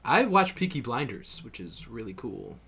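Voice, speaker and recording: Young male podcast co-host, bright tone, rambling jokey banter. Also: mid-range voice, wildly swooping pitch, normal speed, gravelly, husky. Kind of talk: casual chat.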